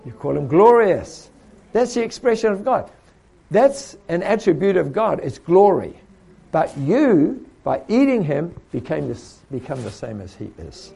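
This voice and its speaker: A man's voice: a little high, very animated, a little slow, vocal fry, warm tone, breathy edge. A man preaching a sermon to trainees, asking rhetorical questions and now and then mimicking the voices of other people.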